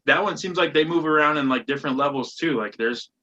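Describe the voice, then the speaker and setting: A man hosting a casual podcast chat, relaxed and swearing casually. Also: on the high side, quick pace, highs cut off. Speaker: podcast host.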